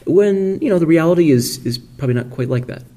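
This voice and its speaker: A man's voice: fairly high pitch, lively intonation, quick pace, warm tone. A man co-hosting a conversational podcast, thinking aloud with frequent restarts and checking in with "right?". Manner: thoughtful, hedging, many restarts and "right?" checks. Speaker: podcast co-host. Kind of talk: casual conversational podcast talk.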